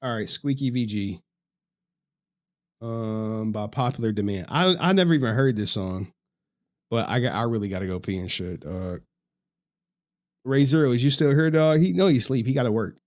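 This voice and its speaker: A man's voice: medium pitch, expressive, moderate pace, pauses often. A man hosting a livestream, chatting casually and rambling to his viewers. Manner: laid-back, rambling, talks to chat. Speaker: livestream host.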